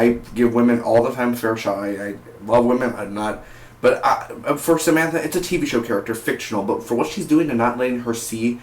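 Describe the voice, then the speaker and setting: Man, TV reviewer, excitable and rambling, mid-pitched voice, roomy echoey recording. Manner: excitable, rambling, stumbles over words. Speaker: TV episode reviewer.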